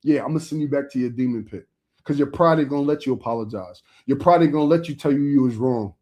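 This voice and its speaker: A man's voice: mid-range voice, fast talker, lo-fi sound. A young adult man preaching informally to camera, emphatic and streetwise, with lots of repetition.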